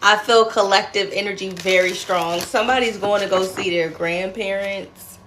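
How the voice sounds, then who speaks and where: A woman's voice: mid-range voice, steady tone, moderate pace, a bit bright. A woman reading tarot cards on a live stream, chatty and giggly, calling her viewers darling and using slang, over noisy background hiss. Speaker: tarot reader.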